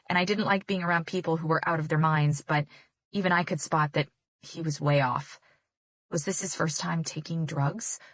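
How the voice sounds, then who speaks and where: A woman's voice: lowish voice, dry recording. A woman reading a first-person romance audiobook in a tense, dramatic way. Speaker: audiobook narrator.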